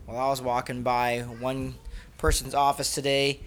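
A father talks with his children at home, patient and unhurried, asking one question after another. The recording is noisy, with a steady hiss behind his voice. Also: mid-range voice. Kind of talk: casual family chat.

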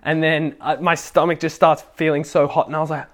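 A man's voice: fairly high pitch, little pitch movement, fairly quick. A young man casually telling a personal faith story, rambling with lots of filler words and laughing now and then. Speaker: speaker sharing a faith testimony.

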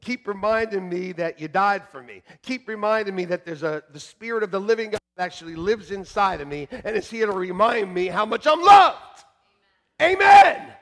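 A male pastor preaching a sermon to his congregation, joking with them and moving between quiet asides and shouted emphasis. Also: sits high, lively intonation, moderate pace. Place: church sanctuary.

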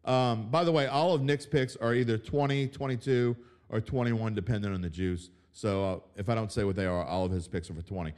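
A man hosting a sports betting podcast, ranting with mocking outbursts and dropping to low mutters. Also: a little fast, darkish tone, clear, resonant tone. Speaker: podcast host. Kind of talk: opinionated sports betting talk.

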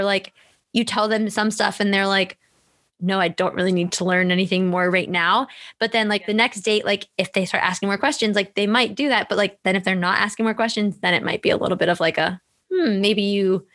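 A woman's voice: mid-range voice, fairly bright tone. Chatty young woman, frank and rambling. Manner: chatty, candid, full of fillers and swearing. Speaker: podcast host. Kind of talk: casual podcast chat.

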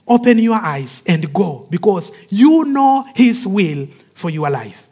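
A man preaching a sermon with emphatic delivery that drops to soft, hushed phrases, acting out the voices of the people in his stories. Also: high voice, slightly rough. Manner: acts out quoted speech of the people in his stories.

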